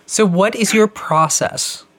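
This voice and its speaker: A man hosting a recovery podcast, asking slow, searching questions. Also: high-pitched, fairly bright tone, a little hiss or hum. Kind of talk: interview questions.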